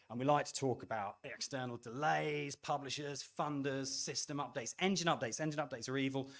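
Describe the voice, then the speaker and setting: A middle-aged man who runs a game studio gives a talk to an audience, animated and self-deprecating, acting out the remarks he quotes. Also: medium pitch.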